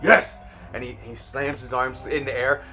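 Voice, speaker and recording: A man's voice: medium pitch, flat delivery, normal speed, soft background music, natural voice. A man doing a dim-witted stone giant. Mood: excited. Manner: blunt broken speech, shouts eagerly.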